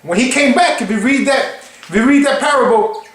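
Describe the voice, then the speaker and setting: A man's voice: very high-pitched, moderate pace, a bit bright, reverberant. A man preaching in a casual, conversational way, emphatic and acting out quotes. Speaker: online preacher.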